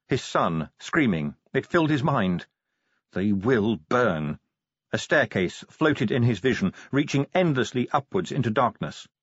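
A man reading a fantasy novel aloud as an audiobook narrator, with expressive, dramatic storytelling. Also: mid-range voice, breathy edge, no room sound, highs cut off.

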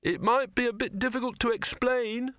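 A man's voice: on the high side, expressive, moderate pace, sharp tone, dry recording, studio quality, voice pushed up. A man voicing a flustered young man in an audiobook, hesitant and pleading.

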